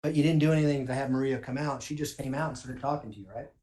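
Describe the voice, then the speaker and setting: A male prosecutor presses a witness with pointed questions. His voice sits at a middle pitch. He speaks firmly in a courtroom. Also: steady tone, racing, dark tone. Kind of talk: courtroom cross-examination.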